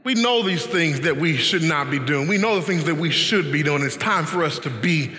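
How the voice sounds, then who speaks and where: A man preaching a sermon, emphatic, often rising to shouts and laughing. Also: a little high, animated, normal speed, reverberant, in a large hall.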